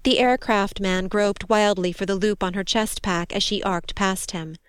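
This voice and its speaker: A woman reading a war story aloud in steady, measured scripted narration. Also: mid-range voice, smooth, no echo. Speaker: audiobook narrator.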